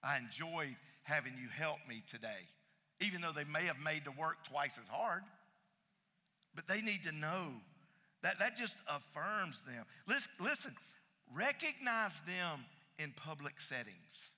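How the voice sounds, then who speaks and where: Bright-voiced man preaching in a reverberant hall. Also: fairly high pitch, sing-song, unhurried. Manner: emphatic preaching, repeats phrases, swings loud and soft. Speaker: pastor. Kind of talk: sermon.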